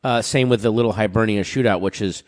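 A middle-aged man chatting casually, telling stories and acting out quotes, with a dry voice and frequent throat-clearing. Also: fairly low pitch, fast, big-room sound. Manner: animated storyteller, acts out quotes. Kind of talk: casual chat.

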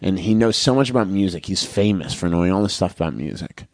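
A man's voice: deep voice, darkish tone, no echo. Chatty man, dry close sound. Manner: chatty, laughs often, does quick voice impressions. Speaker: podcast co-host. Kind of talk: casual chat.

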